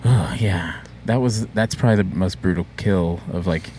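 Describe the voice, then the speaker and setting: A relaxed man from Texas, chatting with friends in a fairly low voice. He tells rambling stories and breaks into loud, goofy impressions of other people. There is faint hiss behind him. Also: moderate pace. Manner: loose storyteller, slips into loud goofy impressions. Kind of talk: casual chat.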